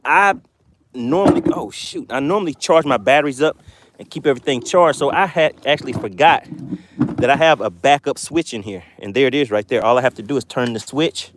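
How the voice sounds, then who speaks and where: A man's voice: medium pitch, fairly quick, noisy background. A man hosting a live fishing stream from a boat, chatting casually and laughing as he reads viewer comments aloud. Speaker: fishing channel host.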